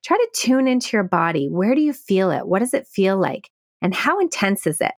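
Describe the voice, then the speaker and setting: A woman podcast host calmly explaining a self-help technique step by step, playing with stress on certain words. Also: medium pitch, fairly quick, no room sound, clean studio sound. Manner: calm, guiding, plays with stress on words. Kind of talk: instructional explanation.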